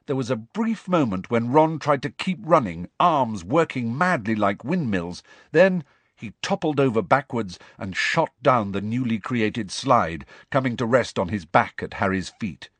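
A man's voice: mid-range voice, a little slow, dry recording. A man narrating a storybook expressively as an audiobook reader. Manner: expressive storytelling that shifts voice for each character. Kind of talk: scripted narration.

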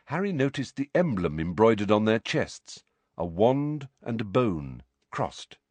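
A man narrating a storybook aloud in a measured, expressive reading. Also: fairly low pitch, no echo. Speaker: audiobook reader.

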